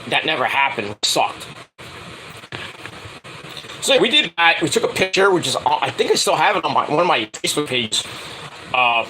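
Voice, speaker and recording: A man's voice: on the high side, sharp tone, slight background noise, low-quality recording. A middle-aged man telling a rambling casual story, full of filler words and restarts, acting out the lines he quotes. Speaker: wrestling show reviewer.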